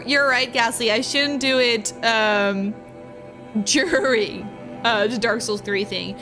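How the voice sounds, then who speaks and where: A woman streaming live and chatting casually with her viewers, giggling often and gushing thanks to them. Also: a little high. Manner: giggly, laughs often between lines. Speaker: streamer reading chat. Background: music playing.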